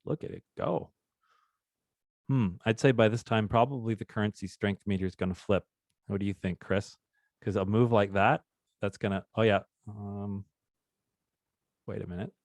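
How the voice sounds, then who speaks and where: Chatty low-voiced man teaching trading. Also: fairly even intonation, normal speed, pauses often, no room sound. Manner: chatty, upbeat, jokes and laughs with the group. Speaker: trading instructor hosting a live session. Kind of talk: casual live trading demonstration.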